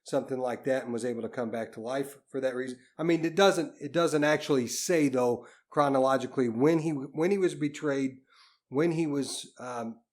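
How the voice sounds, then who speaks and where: A man's voice: medium pitch, normal speed, a little mellow. A man co-hosting a podcast, tentatively working through his ideas with frequent restarts. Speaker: podcast co-host. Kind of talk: casual podcast discussion.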